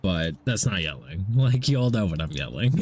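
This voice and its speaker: A young man chatting loudly and excitably on a game stream, swearing freely and ranting. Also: medium pitch, breathy edge. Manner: loud, excitable, profane ranting. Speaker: gaming streamer. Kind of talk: casual stream chat.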